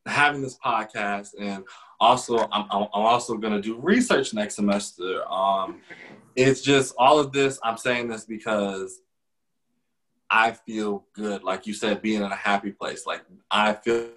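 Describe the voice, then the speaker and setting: Earnest young man, lowish voice. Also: measured pace, fairly bright tone, poor audio. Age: young adult. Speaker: podcast co-host. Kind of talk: casual motivational podcast chat.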